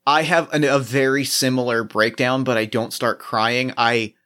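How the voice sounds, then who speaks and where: A man hosting a casual chat, reading prompt cards and telling an improvised story with many restarts and animated bursts. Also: mid-range voice, normal speed.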